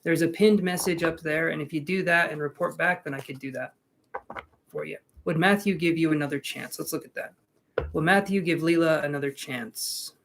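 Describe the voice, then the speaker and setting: A man hosts a live tarot reading in a relaxed, chatty way. His voice sits a little high for a man. He calls out viewers' names and jokes between draws. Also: moderate pace, gravelly, a little hiss or hum. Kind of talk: casual live-stream chat.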